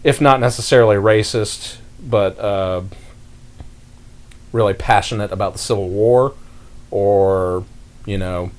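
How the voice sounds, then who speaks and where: Young male podcast host from North Carolina with a low voice, chatty and meandering. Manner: rambling, talks with many fillers and restarts. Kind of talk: casual podcast chat.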